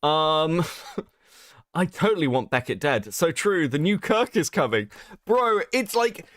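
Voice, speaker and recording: A man's voice: a little high, sing-song, measured pace, a bit bright, no room sound, studio quality. Sarcastic British man streaming. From Britain. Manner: sarcastic, swears a lot, mocking voices when quoting others. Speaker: streamer host. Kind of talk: casual livestream commentary.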